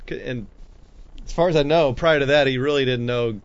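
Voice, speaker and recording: A man's voice: mid-range voice, fairly quick. A man telling a story in casual talk, rambling and restarting phrases. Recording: dull lo-fi sound.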